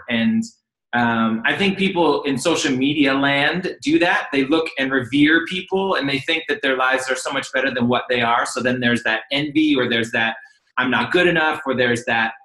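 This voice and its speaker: A man's voice: mid-range voice, pushed and bright, echoey room, poor audio. A man in his forties from Seattle, speaking reflectively and hesitantly in a casual chat, with many restarts.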